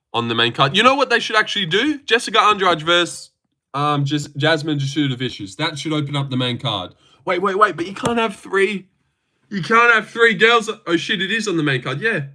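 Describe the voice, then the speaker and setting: A man with a bright, forward voice pitched a little high, riffing on a livestream. He talks in a loose, rambling way, teasing his chat with dry sarcasm and dropping swear words. The delivery stays offhand and conversational throughout. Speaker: livestream host. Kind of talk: casual livestream chat reading viewer comments.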